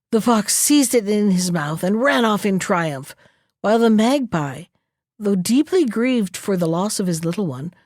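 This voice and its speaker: Woman telling a folktale, middle pitch, dry close sound. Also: a little mellow, no room sound. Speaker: storyteller. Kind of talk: reading a folktale aloud. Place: library.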